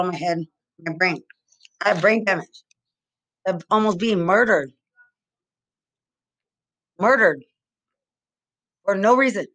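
A woman's voice: mid-range voice, a bit bright. Agitated woman ranting, accusatory. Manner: agitated, accusatory, repetitive, profane. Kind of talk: angry rambling monologue to camera.

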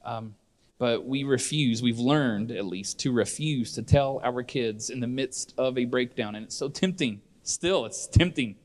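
A man's voice: medium pitch, measured pace. A middle-aged man preaching a sermon in church, earnest and conversational, often restarting his sentences. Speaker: pastor.

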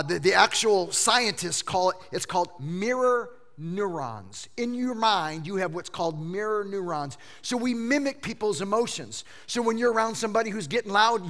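A male pastor with a high voice preaches a sermon, swinging between loud, emphatic bursts and hushed lines. He often repeats phrases for effect.

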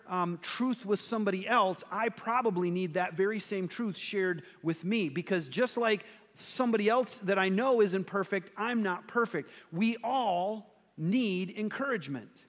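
A man preaches in a relaxed, conversational way, gently poking fun at himself as he tells a story. His voice sits high, and each phrase rings out into a long hall reverb. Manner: conversational and self-deprecating storytelling. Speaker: pastor. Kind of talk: sermon.

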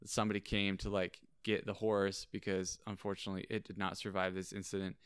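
A young man with a low, smooth, resonant voice recounts a wild story for his podcast. He builds suspense with drawn-out pauses and dramatic slow phrasing. The sound is close and dry. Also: flat delivery, dry recording. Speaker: podcast co-host. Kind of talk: animated storytelling.

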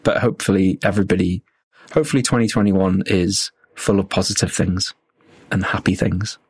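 A man's voice: low-pitched, steady tone, a little fast, a little mellow, breathy edge, dry recording. A man co-hosting a podcast, chatting casually and rambling with fillers. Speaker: podcast co-host.

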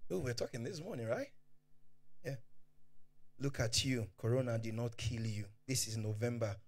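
A pastor with a Nigerian accent preaches a fervent sermon in a mid-range voice at a moderate pace. He swings between hushed tones and shouting, dropping in asides in Pidgin.

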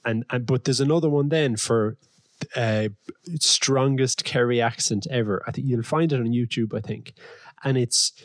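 A young Irish man co-hosting a podcast in casual banter, a wry and lively storyteller. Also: mid-range voice, normal speed, no echo. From Ireland. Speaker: podcast co-host.

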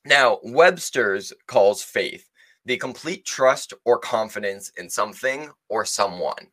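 A man's voice: on the low side, animated, slow pace, a bit bright. A man giving a sermon in a casual, conversational way, often hedging and restarting his sentences. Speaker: preacher.

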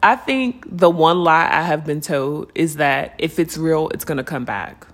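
Earnest woman hosting a reflective podcast. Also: sits low. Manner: casual, conversational, addresses listeners as "y'all" and "unicorns"; earnest and lively, stretching words when urging listeners to slow down. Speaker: podcast host. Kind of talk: reflective spiritual podcast monologue.

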